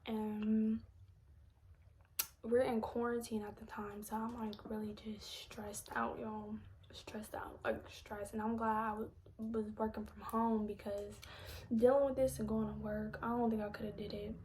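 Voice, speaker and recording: A young woman telling a personal story on a live stream, speaking softly and slipping into a breathy near-whisper as she holds back tears. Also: on the high side, little pitch movement, unhurried, a little hiss or hum. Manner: soft-spoken, drops often into a breathy near-whisper. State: emotional, holding back tears.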